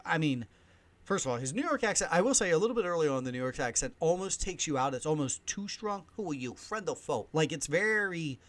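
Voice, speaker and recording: A man in his thirties or forties hosting a podcast, ranting excitedly in a movie review, swinging between loud emphasis and soft asides. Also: on the high side, brisk. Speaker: podcast host, film reviewer.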